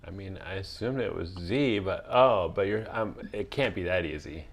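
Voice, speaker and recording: Low-voiced man telling a rambling story. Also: animated, normal speed. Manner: rambling storyteller, laughs often. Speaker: podcast host. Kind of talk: casual chat.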